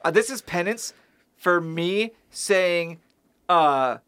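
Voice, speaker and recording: Animated, indignant young man on a podcast. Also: high voice, slow pace, clear, resonant tone, no room sound. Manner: animated, indignant outbursts and mock frustration. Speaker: podcast co-host, quiz contestant. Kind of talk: casual podcast banter.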